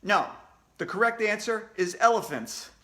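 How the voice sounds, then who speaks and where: A man voicing a cheerful adult quiz show host in a read-aloud storybook, announcing slowly. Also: sits high, animated, bright, forceful tone, voice pushed up. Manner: slow, drawn-out quizmaster announcing.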